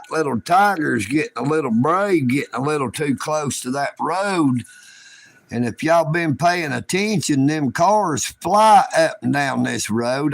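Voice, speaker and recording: A man's voice: a little high, vocal fry. A man from chatting on a livestream in a folksy, joking, rambling drawl. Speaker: livestream host. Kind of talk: casual livestream chat.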